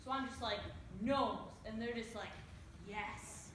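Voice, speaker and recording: A woman's voice: on the high side, steady tone, takes it slowly. A young woman acting a brash, scornful teen girl in a stage monologue, recorded on an echoey stage. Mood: sarcastic. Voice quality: sarcastic. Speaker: student actor. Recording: echoey stage, audible hiss.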